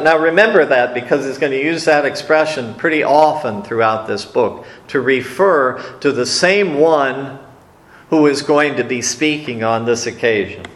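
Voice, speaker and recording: A man teaching a sermon on scripture in a conversational, folksy way. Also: medium pitch. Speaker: preacher. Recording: echoey room.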